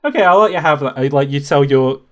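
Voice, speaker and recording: Lively male game master. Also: on the high side, quick pace. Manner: casual, lively narration. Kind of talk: narrating a tabletop game.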